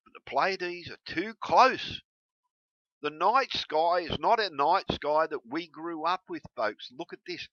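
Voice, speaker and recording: A man ranting heatedly to camera, swearing constantly and breaking into yelled bursts. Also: a little high, expressive, slow, no room sound. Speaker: video blogger. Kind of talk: angry profane rant to camera. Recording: dull lo-fi recording.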